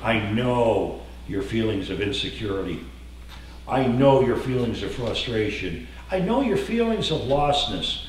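A man preaching a sermon, swinging from loud, raised passages to quiet, intimate ones. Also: mid-range voice, big pitch swings, unhurried, slight background noise. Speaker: pastor. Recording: echoey room from far off.

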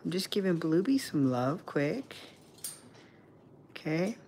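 Man host, doting soft-spoken pet talk, low hiss behind. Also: sing-song, slow, gravelly. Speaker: livestream host with pet birds. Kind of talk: casual chat with pets and viewers.

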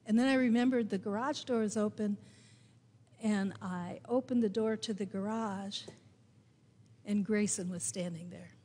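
A woman pastor with a Midwestern American accent, preaching a sermon and telling a personal story with deliberate, emphatic delivery. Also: mid-range voice, mellow, a little hiss or hum. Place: church sanctuary. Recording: long hall reverb in a church.

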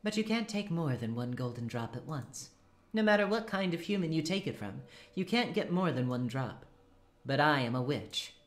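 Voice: mid-range voice, expressive, moderate pace, pitched above the performer's own voice, natural voice. A reader voicing a cruel, theatrical adult female witch who taunts and gloats grandly, with music behind. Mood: imperious.

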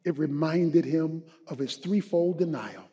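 A male pastor preaching a sermon, moving from hushed, slow Bible teaching to shouted, rising exhortation. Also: a little high, animated, husky, dull audio. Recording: long hall reverb.

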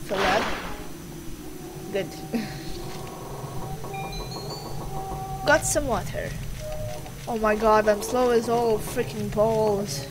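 A woman's voice: medium pitch, takes it slowly, pauses often, low-quality recording. A woman giving casual let's-play commentary on a horror game, reading its text aloud, laughing often and swearing over game music.

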